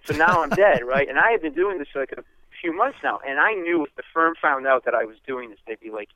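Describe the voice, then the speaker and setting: A comedian tells a long, animated anecdote and acts out the people in it. His voice sits a little high. The sound is thin and phone-like, with no room echo. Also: fast talker. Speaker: guest comedian. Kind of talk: storytelling interview. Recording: tinny phone-like line.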